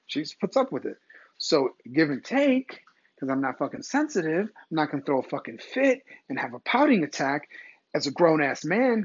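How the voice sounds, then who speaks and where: A man hosting a podcast, delivering a profane, animated comedic rant. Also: a little high, husky, dry recording, muffled recording. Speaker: podcast host.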